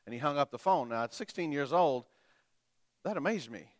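Middle-aged preacher, soft to loud. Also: male voice, a little high, expressive, normal speed, no room sound, clean studio sound. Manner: swings between soft, quiet telling and loud, emphatic preaching. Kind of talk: sermon with personal storytelling.

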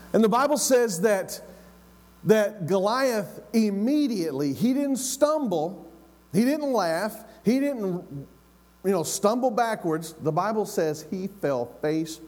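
A man, a pastor preaching a sermon as a dramatic, animated story with calls to the congregation. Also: a little high, long reverb tail.

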